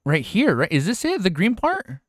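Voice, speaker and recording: A young American man reacting to a webnovel on stream, excitable and swearing often, laughing as he talks. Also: high-pitched, normal speed, no room sound, clean studio sound. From United States. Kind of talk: casual reaction commentary.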